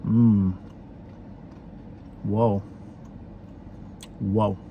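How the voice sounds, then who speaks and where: A man's voice: fairly low pitch, little pitch movement, extremely slow, narrow, tinny audio, slight background noise. A man talking through a casual food review vlog, chatty and rambling, with lots of fillers.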